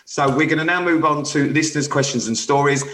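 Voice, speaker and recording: A man co-hosting a podcast in casual chat. He talks hesitantly with many pauses and a wry tone. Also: a little high, fairly bright tone, rough recording. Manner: hesitant, full of ums, wry. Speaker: podcast co-host.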